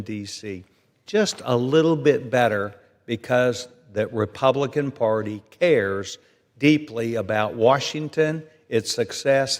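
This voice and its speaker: A man speaking deliberately in a formal floor debate about his bill. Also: fairly low pitch. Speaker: congressman sponsoring a bill. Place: large legislative chamber. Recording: long reverb of a large chamber.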